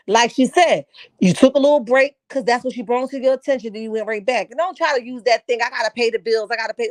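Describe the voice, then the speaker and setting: A woman's voice: on the high side, no room sound. A woman giving blunt, opinionated commentary on a reality show, preachy and casual.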